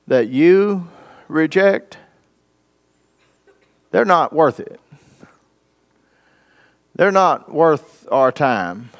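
A man's voice: high-pitched, clean tone. A man preaching a sermon, reading scripture and asking his congregation questions in a folksy way. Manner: folksy, asks the congregation questions, dramatic pauses.

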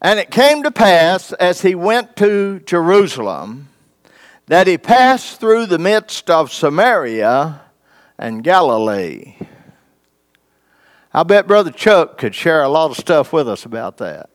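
This sermon comes from a man whose voice is fairly high and sing-song. Folksy in tone, he reads scripture, asks the congregation questions, and lets dramatic pauses hang.

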